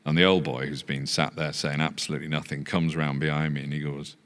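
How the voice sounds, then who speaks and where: An older man with an extremely deep voice, unhurried as he spins a story. He pauses on fillers and lets his anecdotes unfold in easy podcast chat. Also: level tone, a bit bright. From Yorkshire. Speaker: guest, business founder.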